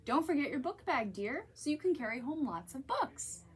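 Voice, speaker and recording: Picture-book read-aloud: a woman doing a coaxing mother frog, bright and lilting. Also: high-pitched, big pitch swings, moderate pace, voice pushed up. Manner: coaxing, calls her son dear. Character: patient mother frog, gently reminding her son.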